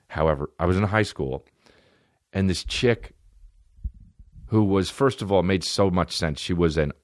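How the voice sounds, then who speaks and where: This comedy podcast host, a man in his thirties, speaks at an extremely low pitch as he rants casually and crudely, putting on mocking voices to imitate people. It's a clean studio recording with no room sound.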